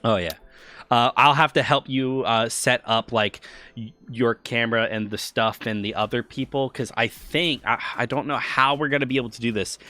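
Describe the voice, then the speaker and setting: A man's voice: medium pitch, fairly even intonation, moderate pace, pushed and bright, soft background music. A man chatting casually on a livestream while running a tabletop game. He rambles, stammers through restarts and keeps getting sidetracked. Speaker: game master and streamer.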